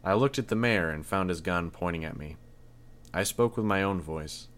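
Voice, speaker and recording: A man narrating a first-person story in a tense, measured reading. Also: low voice, a bit bright. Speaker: audiobook narrator.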